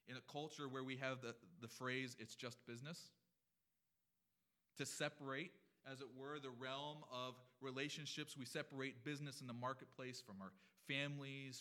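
A man's voice: medium pitch, pushed and bright. A man preaching a sermon in a church, earnest and emphatic, building up and then dropping back. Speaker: pastor. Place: church sanctuary.

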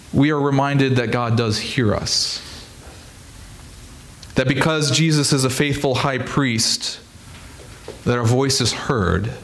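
Earnest man preaching a sermon. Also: a little high. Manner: earnest, steady preaching with emphatic repetition. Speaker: pastor.

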